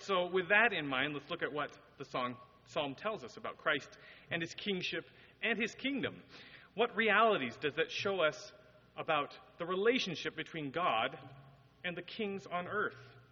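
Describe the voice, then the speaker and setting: A man's voice: a little high, bright, forceful tone, slightly rough. A man preaching a sermon, explaining scripture earnestly and reading verses with rising emphasis. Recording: dull audio with long hall reverb.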